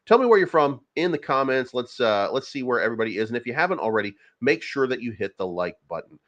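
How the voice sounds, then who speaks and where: A man's voice: medium pitch, sing-song, fast talker, fairly bright tone. A man hosting a casual crypto livestream, rambling and profane, with many fillers and restarts. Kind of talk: casual livestream market commentary.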